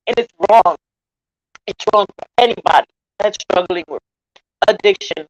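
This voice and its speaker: An emotional woman vlogger speaks straight to her viewers, close to tears, pleading softly and then turning blunt and defiant. Her voice comes through a dull, lo-fi mic with a dry, close sound and no room echo. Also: mid-range voice. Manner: earnest, defensive, swings from soft pleading to blunt defiance. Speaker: vlogger addressing her channel. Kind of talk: emotional livestream apology.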